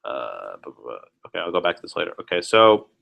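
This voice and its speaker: Animated man lecturing a class. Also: low-pitched, brisk, vocal fry. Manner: animated and sarcastic, asks students questions. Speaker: law professor.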